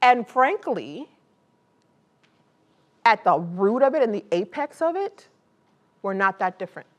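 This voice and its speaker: A woman poet speaks before a live college audience, moving between a read poem and loose, friendly talk. She jokes easily and fills her sentences with "like" and "um." Her speaking voice sits at a middling pitch. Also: big pitch swings, unhurried. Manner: casual and chatty, with many "like" and "um" fillers. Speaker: poet and author. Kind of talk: poetry reading and audience Q&A.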